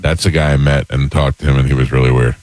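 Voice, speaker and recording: Male radio host, very deep voice, relaxed, dry studio mic. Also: quick pace, no echo. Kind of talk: casual morning radio banter.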